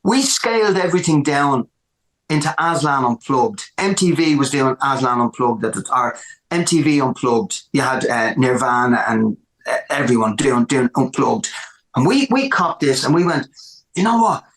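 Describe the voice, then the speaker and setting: A man with an Irish accent, a musician telling stories in a casual interview, animated and repeating words for emphasis. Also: mid-range voice, moderate pace, reverberant. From Ireland. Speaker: musician guest.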